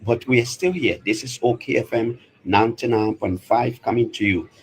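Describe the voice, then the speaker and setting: A middle-aged man giving live radio commentary from a media gallery high above a large assembly hall, keeping his voice low at times and speaking up at others. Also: normal speed. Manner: hushed at first, later louder and animated. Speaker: radio reporter.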